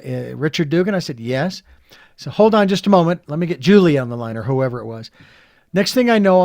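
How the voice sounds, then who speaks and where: A man hosting an interview, retelling a personal story in an animated, reflective way with many fillers. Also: medium pitch, no echo, clean studio sound. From California. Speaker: podcast host.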